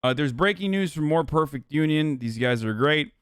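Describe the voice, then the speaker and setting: A man's voice: fairly high pitch, lively intonation, normal speed, clean tone, no echo, clean studio sound. A man giving casual live-stream commentary, blunt and offhand and swearing freely, into a desk microphone. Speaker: livestreamer.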